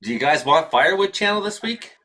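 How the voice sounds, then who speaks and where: A man's voice: a little high, lively intonation, brisk, pushed and bright. A man hosting a casual live-streamed weather comedy show, joking and self-mocking as he talks. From Canada. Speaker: host.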